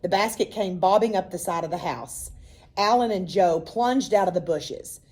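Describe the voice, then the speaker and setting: A woman reading a children's novel aloud, expressive and playful, voicing the kids' dialogue. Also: on the low side, normal speed. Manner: expressive storytelling, voices for the children. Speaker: reader.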